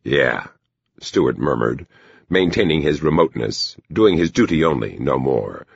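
A man narrating a novel in a measured storytelling manner. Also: extremely low pitch, big pitch swings, gravelly, slightly rough, no room sound. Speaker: audiobook narrator. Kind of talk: scripted narration. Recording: dull lo-fi recording.

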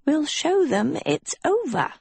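A woman doing a high, wistful young witch turned hag. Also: very animated, takes it slowly, vocal fry, a little mellow, no room sound, full character voice. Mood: pleading.

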